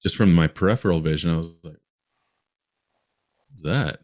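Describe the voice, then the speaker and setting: A man's voice: deep voice, fairly even intonation, racing, a little mellow. A man from Utah, a podcast guest, telling a long story in a rambling way with many restarts.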